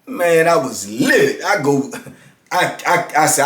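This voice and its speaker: A man's voice: high-pitched, lively intonation, moderate pace, a bit bright. A man in his fifties telling a story in loose, slangy casual talk, often tossing in "you know what I'm saying". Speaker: channel host telling stories. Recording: roomy echo.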